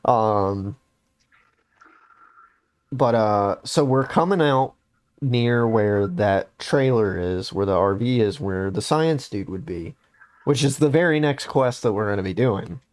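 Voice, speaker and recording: A man's voice: lowish voice, slow pace, a little mellow. A young adult man casually recounting a game story on a podcast, rambling with lots of fillers. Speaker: podcast host.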